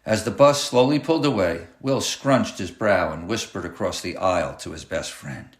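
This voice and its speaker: A man reading his own short story aloud in a measured, dramatic audiobook narration. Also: low-pitched. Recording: roomy echoey room.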